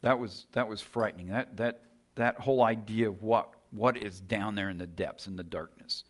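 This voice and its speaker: A man's voice: on the low side, moderate pace. A man preaching a sermon, retelling a scripture story in a conversational way with rhetorical questions and frequent restarts.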